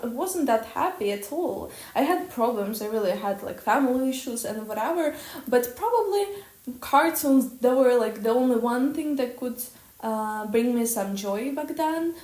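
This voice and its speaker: Loud, blunt young woman vlogging. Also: on the high side, normal speed. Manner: loud, blunt and expressive, swears freely. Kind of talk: personal vlog monologue. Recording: echoey room.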